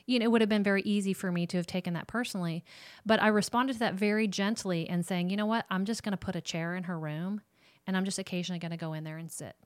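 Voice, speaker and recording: A woman's voice: medium pitch, fairly even intonation, fast, no echo, studio quality. A woman, giving direct, casual faith-based parenting advice as a ministry counselor. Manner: warm, direct, talks straight to moms.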